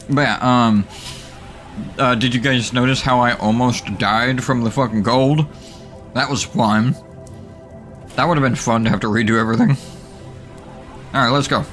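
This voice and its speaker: A man hosting a gaming channel, giving excitable, jokey let's play commentary that is full of swearing and laughter. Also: medium pitch, measured pace, long pauses, soft background music.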